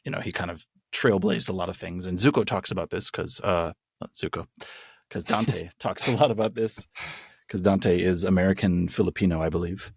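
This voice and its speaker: A man's voice: deep voice, normal speed, breathy edge, no room sound, clean studio sound. A man co-hosting a podcast, chatting casually and enthusiastically with many restarts. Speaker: podcast co-host. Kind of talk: casual chat.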